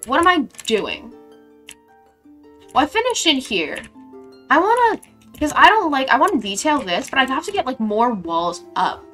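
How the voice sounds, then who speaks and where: A young woman streaming a game, chatting casually and reading her chat aloud with sudden excited squeals. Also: sits high, moderate pace, pauses often, soft background music.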